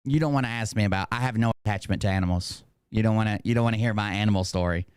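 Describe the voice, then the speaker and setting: A man's voice: on the low side, very fast, darkish tone, smooth, no echo, studio quality. A middle-aged man giving an unscripted, profane commentary rant and talking straight to his chat. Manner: profane, emphatic, talks to chat directly. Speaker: commentary streamer.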